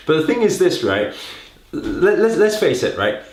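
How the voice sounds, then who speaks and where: With big swings in pitch and a normal speed, a man coaches public speaking directly to camera in an echoey room. He keeps his listeners engaged by coaxing them with rhetorical questions and tags such as "right?".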